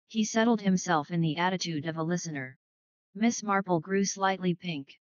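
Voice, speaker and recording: A woman narrating an audiobook in a measured, even way. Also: fairly low pitch, dry recording, muffled recording. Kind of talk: scripted narration.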